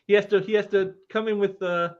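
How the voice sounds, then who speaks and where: High-voiced man over dull lo-fi audio. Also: fairly even intonation, brisk, clean tone. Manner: laughs often, stammers and repeats words. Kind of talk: casual livestream chat.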